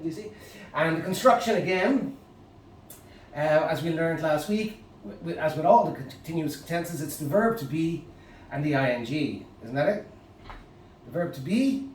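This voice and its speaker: Irish man, English teacher, slightly high voice, halting with fillers, roomy echo, faint hum behind. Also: animated. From Ireland. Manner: halting, with many fillers and restarts. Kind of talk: grammar lesson to camera. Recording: echoey room, mic at a distance.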